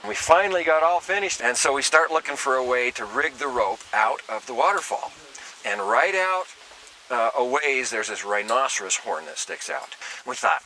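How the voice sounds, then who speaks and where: A man's voice: medium pitch, expressive, moderate pace, pushed and bright, slight background noise, low-quality recording. Folksy middle-aged man spinning a yarn. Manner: folksy, acts out quoted lines. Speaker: caver recounting an expedition. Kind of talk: documentary interview storytelling. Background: music bed.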